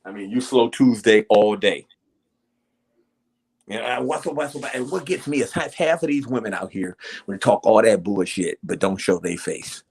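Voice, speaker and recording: A man with a low voice speaks in a blunt, emphatic way. He rambles and swears freely as he hosts a casual discussion. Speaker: host.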